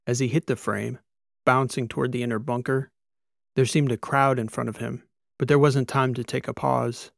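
A man narrating a science fiction audiobook in a steady, storytelling manner. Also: medium pitch, moderate pace, vocal fry, no room sound, clean studio sound. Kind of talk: scripted narration.

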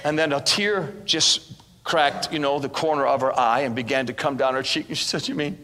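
A man preaching as a guest minister in church, animated and acting out dialogue as he tells stories. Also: medium pitch, moderate pace, big-room sound. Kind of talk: sermon with storytelling. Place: church in front of a congregation.

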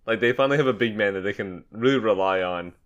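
A young man hosting a casual sports podcast, upbeat and joking, quick to laugh. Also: lowish voice, highs cut off. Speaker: podcast host. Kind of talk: casual basketball podcast chat.

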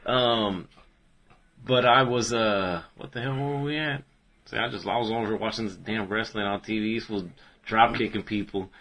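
A man's voice: on the low side, fairly even intonation, moderate pace, fairly bright tone. A man from Dallas, Texas telling laid-back stories in casual chat, laughing as he goes. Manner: laid-back, laughs through his stories, calls friends "fool".

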